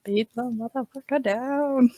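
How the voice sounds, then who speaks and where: A woman's voice: a little high, measured pace, warm tone, slight background noise. A woman playing a tabletop role-playing game who makes giggly, blunt remarks. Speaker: player. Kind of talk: casual game chat.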